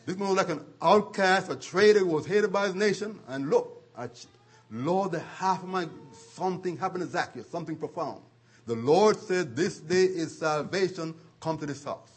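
Husky preacher man, animated sermon. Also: high-pitched. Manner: animated storytelling with chuckles and dramatic slowdowns.

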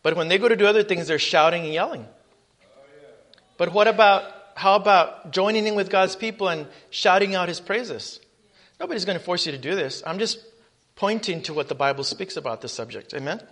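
A man preaching a sermon, reading scripture aloud with emphasis and calling out questions to the congregation. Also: a little fast. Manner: emphatic preaching, rising loud on scripture, dropping low on asides.

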